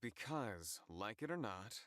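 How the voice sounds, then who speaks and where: A man's voice: fairly low pitch, very animated, takes it slowly, a bit bright, heavily acted. An actor playing a teasing, possessive young male angel.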